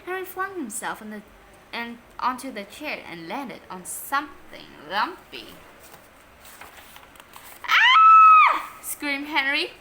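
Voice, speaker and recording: A woman, a native Vietnamese speaker, reading a children's story aloud in an expressive, unhurried way. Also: a little high, very noisy.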